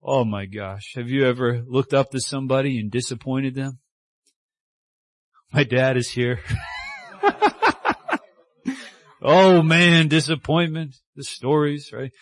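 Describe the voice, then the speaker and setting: A male preacher delivering a sermon with animated storytelling, dropping to a hushed tone for tender lines. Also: mid-range voice, slow, long pauses, no echo.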